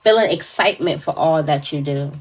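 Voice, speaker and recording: A woman's voice: low-pitched, a little fast. A woman giving a casual tarot reading to camera, thinking aloud with fillers and restarts. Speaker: tarot reader.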